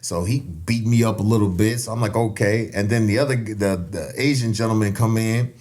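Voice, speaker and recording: A man in his thirties from Elgin, telling a story on a podcast in a casual, animated way and laughing often. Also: on the low side, fairly quick. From Elgin, Illinois. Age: 30s. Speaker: podcast guest.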